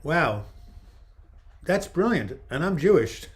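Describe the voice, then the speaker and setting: A man's voice: fairly high pitch, sing-song, slow. A man hosting a casual live video chat, reading out viewer comments and joking around, his voice starting to go. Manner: chatty, reads viewer comments aloud, jokes around. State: losing his voice. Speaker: livestream host answering viewer questions. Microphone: webcam livestream.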